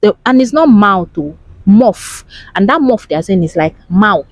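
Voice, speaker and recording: A young woman with a Nigerian accent, chatting casually to camera in an animated way and asking rhetorical questions. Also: medium pitch, brisk, dry recording, poor audio. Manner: animated, asks rhetorical questions, laughs often. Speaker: vlogger.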